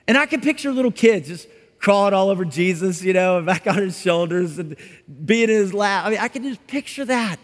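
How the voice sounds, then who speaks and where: A man preaching a sermon as a pastor, in a conversational, animated way, acting out little quoted exchanges. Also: sits high, fairly quick. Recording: long hall reverb.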